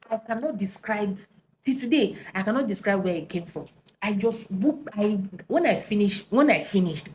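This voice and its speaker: Animated woman telling a story. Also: mid-range voice, a little hiss or hum. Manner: animated, tag questions and fillers. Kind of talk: personal story to camera.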